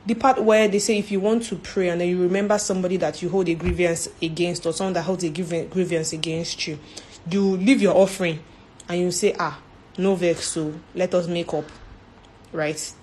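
A woman's voice: lowish voice, steady tone, fairly quick, a little mellow, a little hiss or hum. Earnest woman giving a faith talk. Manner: earnest, repeats herself, tags lines with "right?". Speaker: church speaker.

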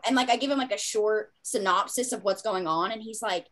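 A young woman hosting a casual chat, excitable and gushing, swearing freely. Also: mid-range voice, brisk, few pauses, a little hiss or hum. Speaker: podcast host.

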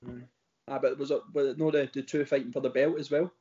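A man's voice: mid-range voice, steady tone, quick pace, mellow. A man with a Glaswegian accent chatting casually as a podcast co-host, rambling and bantering with a friend. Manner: rambling, bantering, self-interrupting. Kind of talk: casual chat. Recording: dull lo-fi recording.

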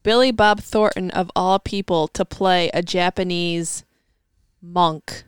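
A woman with a smooth, clear voice joins a casual podcast chat, dropping wry and blunt remarks. She is recorded dry and close. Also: lowish voice, steady tone, takes it slowly, dry recording. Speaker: podcast guest.

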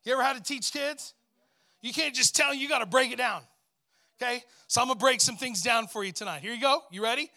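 A middle-aged male pastor preaching a lively sermon, telling a story and calling out to his congregation. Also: very high-pitched, brisk.

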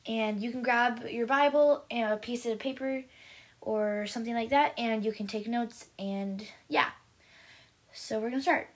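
A woman's voice: a little high, a little slow. A woman hosting a devotional show, reading a children's story aloud in an upbeat, chatty way, often stumbling and correcting herself. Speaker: host.

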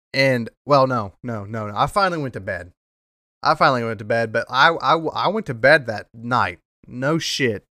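A young man hosting a podcast, telling a story in a rambling, profane way, repeating himself and bursting into loud rants. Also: medium pitch, no echo, clean studio sound. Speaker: podcast host. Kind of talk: casual storytelling monologue.

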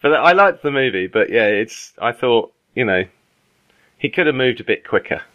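A man's voice: medium pitch, lively intonation, normal speed, no room sound, muffled recording. Enthusiastic, laughing man. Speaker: podcast co-host. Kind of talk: casual movie podcast chat.

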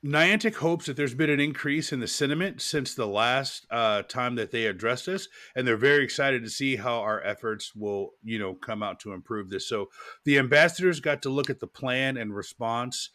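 A man co-hosting a podcast in casual chat, animated and joking. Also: mid-range voice, moderate pace, no echo. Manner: animated, joking, laughs often. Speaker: podcast co-host.

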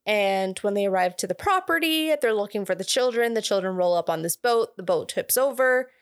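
A woman's voice: medium pitch, expressive, brisk, no room sound, studio quality. A young woman co-hosting a podcast, chatting casually and laughing as she recaps a film's plot with asides. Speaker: podcast co-host. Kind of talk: casual chat recapping a film.

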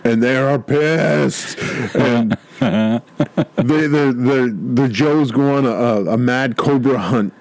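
A man's voice: medium pitch, slow pace, a little mellow, no echo, low-quality recording. A man co-hosting a podcast, telling a comic book story in rambling casual chat. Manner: rambling storyteller, many restarts and quoted voices. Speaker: podcast co-host.

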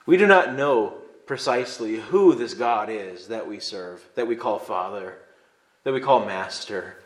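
A man's voice: fairly low pitch, animated, unhurried. A man from Illinois preaching a sermon as pastor, conversational and emphatic, building to fervent stress. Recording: echoey room.

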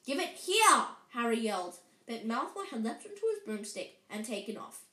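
A woman reading a children's story aloud in a lively way, with frequent slips and restarts. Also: fairly high pitch, normal speed. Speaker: reader. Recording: roomy echo.

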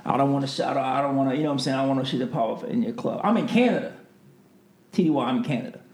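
Animated man telling stories in an echoey room. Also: mid-range voice, very fast. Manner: animated, swings between voices when quoting people. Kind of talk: casual storytelling chat.

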